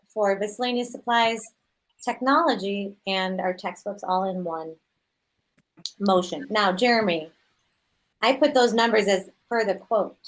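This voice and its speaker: A woman chairing a school council meeting over a video call, casual and quick to laugh. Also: medium pitch, poor audio. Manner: casual, laughing, running the vote.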